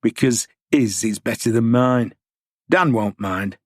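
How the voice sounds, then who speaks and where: A man's voice: mid-range voice, takes it slowly, no echo, studio quality. A man voicing a stubborn, surly army rifle officer who speaks curtly. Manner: curt and surly.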